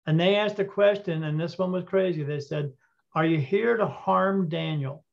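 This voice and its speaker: A man telling a story as an interview guest, animated and acting out the dialogue, with frequent fillers. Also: fairly high pitch, moderate pace, creaky. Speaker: interview guest, intuitive reader. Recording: dull lo-fi audio.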